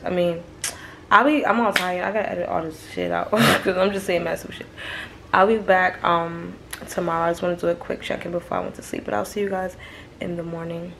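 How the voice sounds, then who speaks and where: A woman's voice: on the low side, a little hiss or hum. A young woman vlogging from a hotel room, talking casually and straight to her viewers with lots of slang. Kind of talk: casual vlog chat.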